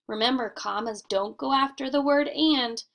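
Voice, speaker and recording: A woman teacher talks children through a grammar lesson in a deliberate, sing-song classroom voice. She sits a little high in pitch, and a gravelly fry runs under her words. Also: a bit bright. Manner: slow, deliberate, sing-song classroom delivery with emphatic questions.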